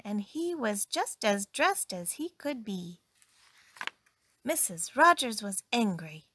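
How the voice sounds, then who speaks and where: A woman reads a bedtime story aloud, her voice gentle and expressive with a slightly raised pitch. The recording is close and dry, with her tone rising and falling. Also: a little slow, no echo.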